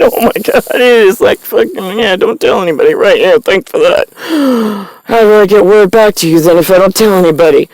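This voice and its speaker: Woman, vlog monologue, rambling, profane, crisp voice, dead dry recording. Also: on the low side, brisk, darkish tone, no room sound, low-quality recording. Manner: profane, meandering, stream-of-consciousness storytelling. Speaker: vlogger. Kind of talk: rambling direct-to-camera monologue.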